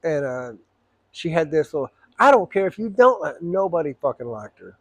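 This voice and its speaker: A middle-aged man telling a personal story, blunt and profane, rambling with frequent throat clearing. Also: a little high, big pitch swings, moderate pace, a bit bright, no echo.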